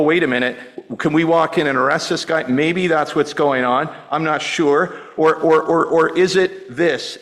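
A man's voice: fairly high pitch, a bit bright, low-quality recording. A middle-aged man preaching a sermon as pastor, conversational and often repeating words as he restarts.

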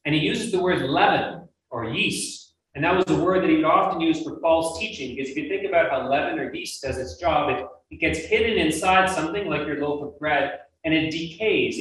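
Male Bible teacher, slightly high voice, emphatic and earnest; recorded from a distance with faint noise. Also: fairly bright tone. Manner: earnest, emphatic, rhetorical questions to listeners. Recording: very echoey room, mic at a distance, faint noise.

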